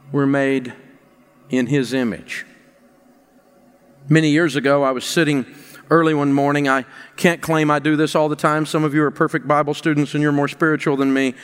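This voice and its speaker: A man's voice: a little high, fairly bright tone, smooth. A middle-aged male pastor giving a sermon, telling a personal story that builds into emphatic preaching. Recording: long reverb of a large hall.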